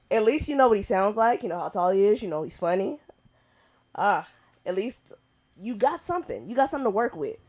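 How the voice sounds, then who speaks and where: A woman hosting a stand-up open mic on a comedy club stage, chatty and laughing between lines. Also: mid-range voice.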